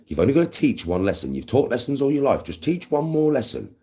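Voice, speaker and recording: A man voicing the taunting evil voice inside him, coaxing and goading in a raised, lively tone. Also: mid-range voice, fast, breathy edge, voice pushed up. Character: sly taunting inner evil voice, male.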